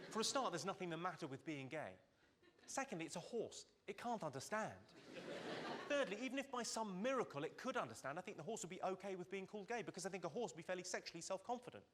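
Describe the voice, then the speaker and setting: A man doing stand-up comedy on stage with deadpan one-liners and sharp timing. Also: fairly high pitch, background noise. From Britain. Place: stage before a live audience. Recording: loud audience laughter over live show.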